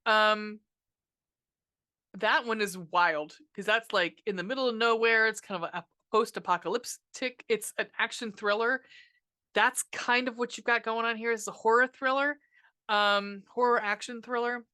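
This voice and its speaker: Young woman host, sarcastic profane movie ranter, bright forceful voice. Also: on the high side, normal speed, smooth. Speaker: podcast host reviewing a movie. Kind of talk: casual ranting movie review.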